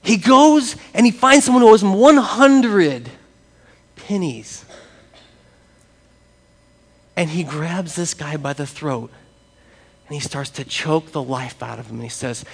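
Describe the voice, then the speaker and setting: Male pastor, high voice, conversational preaching in a reverberant church. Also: measured pace, gravelly, husky. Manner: lively, conversational preaching with audience interaction. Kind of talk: sermon. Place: church sanctuary with congregation.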